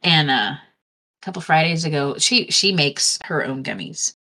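Low-voiced woman telling rambling stories. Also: normal speed. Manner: rambling, animated anecdote telling with restarts. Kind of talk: casual storytelling chat.

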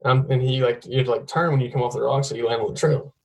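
A man's voice: medium pitch, fairly even intonation, fast, noisy background. Young man telling rambling, profane stories. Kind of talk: casual chat.

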